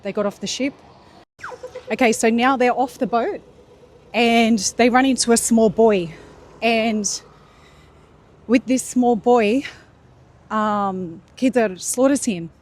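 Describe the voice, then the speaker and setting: A woman's voice: a little high, takes it slowly, pauses often, a little mellow. A woman casually retelling a religious story in a loose, chatty way, full of fillers and restarts.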